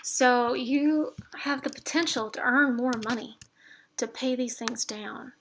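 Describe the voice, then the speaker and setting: A woman's voice: on the high side, measured pace, vocal fry, fairly bright tone, a little hiss or hum. Upbeat woman walking through budget math. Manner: chatty and encouraging, with fillers and self-corrections. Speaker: instructor demonstrating a debt spreadsheet. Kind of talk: casual screen-share tutorial.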